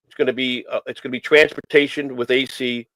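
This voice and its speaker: A man talks on a casual morning stream, circling back and restarting his sentences again and again. His voice sits at an ordinary middle pitch, and the sound is dry and close. He comes across as earnest and emotional. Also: little pitch movement, a little fast, pushed and bright, no room sound, poor audio. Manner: rambling, repeats phrases, many restarts. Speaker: host of a morning stream show. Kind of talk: casual rambling talk.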